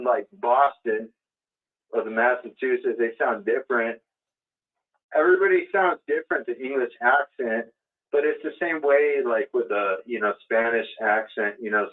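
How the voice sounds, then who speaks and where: A man from Southern California talking as a caller on a call-in show, rambling and often restarting his sentences. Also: mid-range voice. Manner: rambling, hesitant, repeats himself. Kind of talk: casual call-in chat. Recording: phone-like call audio.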